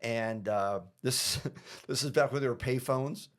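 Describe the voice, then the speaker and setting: A man from Boston hosting a casual interview over a video call, telling stories in a lively, chatty way. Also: mid-range voice, measured pace. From Boston, USA. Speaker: interview host.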